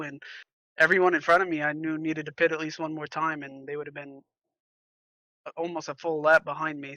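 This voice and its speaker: Male driver, flat delivery, very bright tone, dry close mic. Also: a little high, no room sound, highs cut off. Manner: frustrated, explanatory, steady. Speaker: race driver. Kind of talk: post-race interview.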